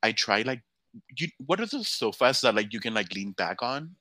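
Animated, swearing drag performer telling a story. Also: male voice, medium pitch, normal speed, dry recording. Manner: animated, swears freely, acts out quoted voices. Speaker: drag performer, podcast guest. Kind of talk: casual storytelling chat.

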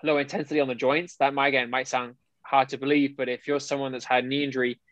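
A man's voice: medium pitch, little pitch movement, fast, fairly bright tone, no echo, lo-fi sound. A man, a personal trainer, chatting casually as a podcast co-host, rambling and restarting his sentences. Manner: rambling, restarts often, conversational.

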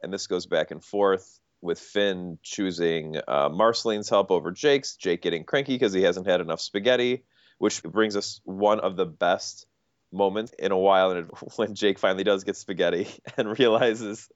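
A man with a deep voice retelling cartoon plots on a casual podcast. The sound is dull and dry, with no room around it. He talks his way through each episode in detail. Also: normal speed, no echo. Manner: recaps episodes in detail, animated. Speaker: podcast host.

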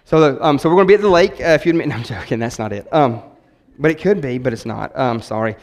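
A man's voice: medium pitch, lively intonation, quick pace. A man preaching a sermon as pastor, enthusiastic and chatty, rambling with frequent restarts. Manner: enthusiastic, conversational.

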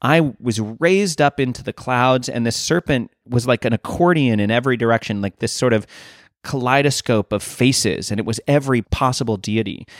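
A man, a podcast guest, telling a story in a casual, animated and earnest way, swearing now and then. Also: medium pitch, no echo, studio quality.

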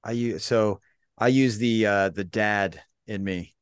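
A man's voice: fairly low pitch, takes it slowly, smooth, no echo, studio quality. A man co-hosting a casual podcast who speaks in a plain, matter-of-fact way. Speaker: podcast co-host, father. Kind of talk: casual chat.

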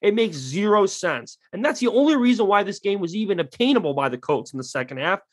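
A man's voice: sits high, sing-song, quick pace, slightly rough, no room sound. A man ranting bluntly in casual sports talk, swearing freely and getting heated. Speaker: podcast co-host.

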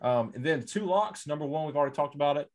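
A man as a podcast guest, talking through his sports picks in a relaxed, rambling way. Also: a little high, fast talker. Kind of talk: casual sports analysis chat.

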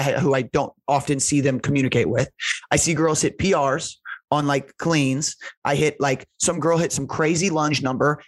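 A man's voice: fairly high pitch, dry recording. A man, a strength coach, telling stories in casual conversation, rambling with lots of "like" and "right?", earnest and emotional. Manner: rambling, heavy use of "like" and "right?".

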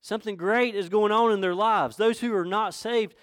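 A man's voice: high-pitched, moderate pace, smooth, dry recording, studio quality. A man pastor from North Carolina with a Southern accent, preaching a sermon in a folksy, conversational way that rises to emphatic questions. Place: church.

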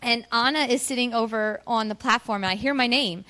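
A woman with a fairly high voice tells her church about a mission trip. She talks in an earnest, chatty way with plenty of fillers and acts out the dialogue of her story with animation. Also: a little fast, bright, forceful tone. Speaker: mission team member sharing a testimony. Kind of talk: personal testimony to a church audience.

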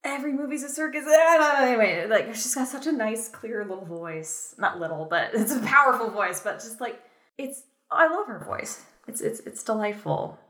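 A woman's voice: mid-range voice, lively intonation, normal speed, pushed and bright, reverberant. A woman co-hosting a casual film review chat, rambling with lots of filler words and laughs. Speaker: podcast co-host.

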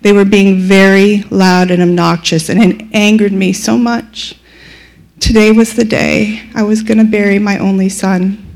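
A woman plays a widowed mother mourning her only son, telling her story in a sorrowful dramatic monologue. Her voice is mid-pitched. She speaks slowly and with weight. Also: level tone, darkish tone, close to an everyday voice. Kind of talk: first-person dramatic monologue.

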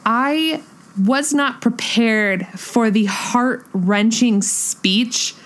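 Excitable young woman gushing casually. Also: a little high, drawn-out words. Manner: excitable, gushing, many "like" fillers. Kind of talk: casual chat about a film.

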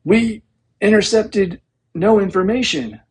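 A man's voice: sing-song, takes it slowly, husky, full character voice. A man voicing a desperate rebel officer who gets out his words strangled and choked. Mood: choked defiance. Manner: strangled, choked and high-pitched. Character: choking male rebel officer, defiant and desperate.

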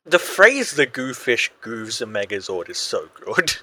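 Male podcast co-host, bright forceful tone, lively swings, playful and sweary. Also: mid-range voice, a little slow. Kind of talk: casual chat.

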